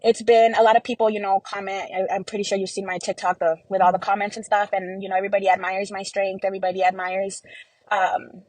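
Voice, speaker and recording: A woman's voice: mid-range voice, flat delivery, fast, darkish tone, no room sound, rough recording. A woman speaking as an interview guest in a casual, emotional way, with many "like" and "you know" fillers.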